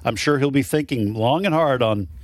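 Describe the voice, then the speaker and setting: A man's voice: medium pitch, normal speed, no room sound, clean studio sound. A man from the Boston area co-hosting a radio show, joking and laughing along. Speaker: radio co-host. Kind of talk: casual radio banter.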